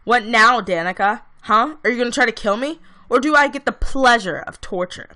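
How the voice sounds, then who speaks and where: A woman's voice: a little high, lively intonation, moderate pace, bright, forceful tone. Give me a woman playing a tough country girl with a twangy accent, threatening and sarcastic. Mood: annoyed. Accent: Southern US, put on.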